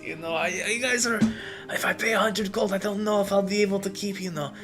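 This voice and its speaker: A squeaky nervous old gnome. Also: male voice, brisk, fairly bright tone, soft background music. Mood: fawning. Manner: high squeaky fawning stammer. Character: nervous weaselly older male gnome restaurateur.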